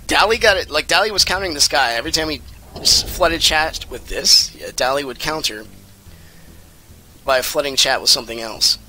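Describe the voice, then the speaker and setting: A man in his thirties giving casual, rambling and jokey commentary while playing a game, with sudden excited outbursts. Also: on the high side, moderate pace, long pauses, slight background noise. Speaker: let's play commentator.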